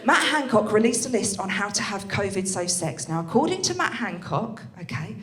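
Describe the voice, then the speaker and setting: A woman's voice: mid-range voice, normal speed. Brash crude woman comic. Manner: brash, crude and animated, with bursts of laughter. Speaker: stand-up comedian. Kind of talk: stand-up comedy set. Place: comedy club stage. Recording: echoey club room.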